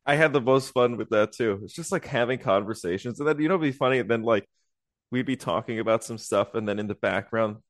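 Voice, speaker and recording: A man's voice: medium pitch, fast talker. A man co-hosting a podcast in casual chat, laid-back and joking. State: congested nose. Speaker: podcast co-host.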